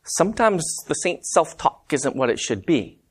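A man's voice: a little high, sing-song, moderate pace, breathy edge. Man preaching a chatty sermon. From Montana. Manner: conversational, anecdotal, addresses congregation as guys. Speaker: preacher and math teacher.

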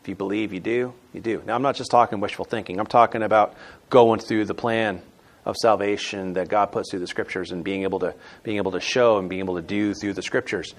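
A man preaching a sermon as pastor, emphatic, moving between loud stressed words and quiet asides. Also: on the low side.

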